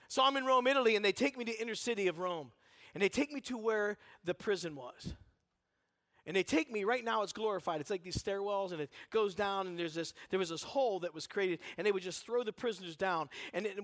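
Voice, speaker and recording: Male preacher, very high voice, animated storyteller working the room. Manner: animated, storytelling, asks the crowd questions. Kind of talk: sermon.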